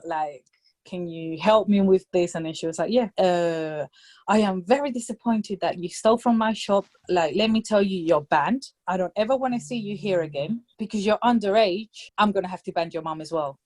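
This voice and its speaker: Animated woman telling a story, phrases. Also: mid-range voice, fairly quick. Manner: animated storytelling, acts out voices, code-switches to Spanish. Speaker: podcast guest. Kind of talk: casual storytelling chat.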